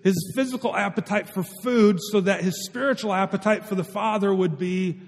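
Brief: male pastor, high voice, chatty sermon delivery, echoing sanctuary. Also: normal speed. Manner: conversational, asks the congregation questions. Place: church sanctuary. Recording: long hall reverb.

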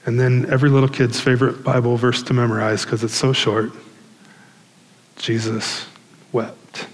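A man's voice: medium pitch, little pitch movement, fast, in a large hall, low-quality recording. A male pastor preaching a sermon in a conversational way, with fillers and restarts.

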